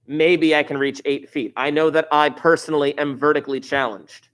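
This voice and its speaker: A man teaching a high school math class, chatty and informal, who repeats key phrases to drive them home. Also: little pitch movement, normal speed, fairly bright tone. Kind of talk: recorded classroom math lesson.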